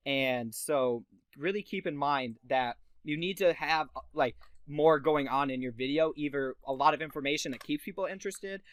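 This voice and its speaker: A man's voice: fairly high pitch, normal speed, clear, resonant tone, dry recording. Chatty young man giving creator tips. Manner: animated, emphatic advice-giving with many fillers. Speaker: podcast co-host. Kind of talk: casual podcast chat.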